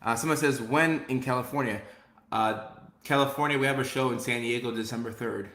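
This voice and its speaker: A man hosting a live stream, chatting upbeat and repeating phrases as he reads viewer comments. His voice sits in a middle pitch. The room around him gives it a noticeable echo. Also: fairly even intonation, fairly quick, fairly bright tone. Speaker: host.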